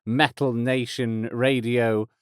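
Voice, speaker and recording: Male metal podcast host in his 30s, smooth clear voice, rambly and self-deprecating. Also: mid-range voice, little pitch movement, slow pace, dry recording, studio quality. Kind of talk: casual podcast intro. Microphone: close studio mic.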